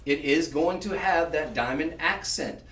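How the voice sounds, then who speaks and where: A man hosting a live shopping show, chatting on and piling up descriptive words as he pitches. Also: measured pace, a bit bright, far from the mic. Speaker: shopping channel host. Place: shopping channel studio. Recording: roomy sound, voice off-mic.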